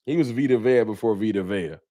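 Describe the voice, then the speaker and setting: A man's voice: fairly low pitch, fairly quick, mellow. A man hosting a casual sports fan livestream, talking loose and slangy as he reads out viewer donations. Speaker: fan talk show host.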